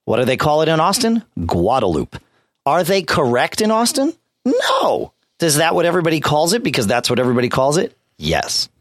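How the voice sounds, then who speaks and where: A man's voice: on the high side, big pitch swings, brisk, fairly bright tone, dry recording. A man co-hosting a podcast in casual chat, explaining his points insistently, repeating himself and stammering. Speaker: podcast co-host.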